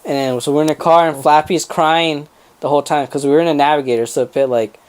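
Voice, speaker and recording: A man's voice: fairly high pitch, fast, clear, resonant tone. A young man on a casual podcast, telling a family story with lots of swearing and laughter and acting out relatives' voices. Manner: animated, acts out family members' voices, swears freely, laughs mid-story. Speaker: podcast co-host.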